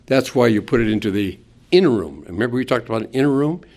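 A man's voice: mid-range voice, expressive, quick pace, vocal fry, a little mellow. An older man preaching a sermon, earnest, leaning hard on key words and quoting scripture. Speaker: pastor.

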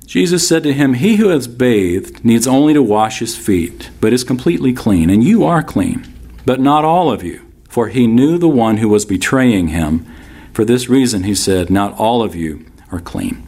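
A man's voice: medium pitch, lively intonation, moderate pace, darkish tone. A man preaching a sermon, reading scripture aloud and explaining it in a conversational, expository way. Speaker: pastor.

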